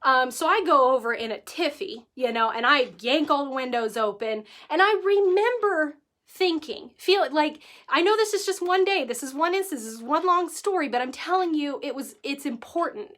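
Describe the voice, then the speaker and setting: High-voiced woman telling a lively story. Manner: animated, emotional, acts out quotes from her own story. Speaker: vlogger giving life advice. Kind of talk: casual storytelling to camera.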